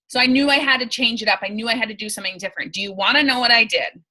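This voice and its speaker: Brief: bright-voiced young woman, team leader, chatty and emphatic, video-call mic. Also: on the high side, rapid-fire, rough recording. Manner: chatty, emphatic, laughs often. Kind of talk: casual coaching talk on a video call.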